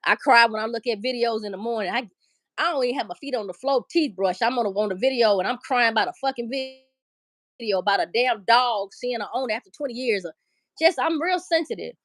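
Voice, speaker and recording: A woman's voice: fairly high pitch, fast, a bit bright, no echo. A middle-aged woman hosting a livestream, ranting emotionally and profanely. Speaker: livestream host. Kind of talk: casual livestream commentary.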